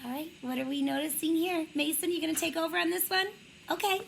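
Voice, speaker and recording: A woman teacher reading a picture book aloud to young children, slow and encouraging, praising them often. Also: very high voice, gravelly, a bit bright, a little hiss or hum, low-quality recording.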